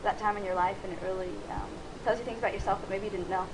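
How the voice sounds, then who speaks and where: Fast-talking nervous woman guest, room noise behind. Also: medium pitch. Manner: nervous, excitable, halting. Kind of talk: casual interview answers.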